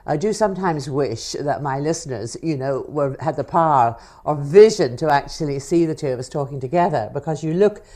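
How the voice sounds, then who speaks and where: A woman hosts a radio interview and introduces her guest with a polished, welcoming manner. Her voice sits low and has a soft, dark tone. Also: expressive, brisk, few pauses. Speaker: radio host.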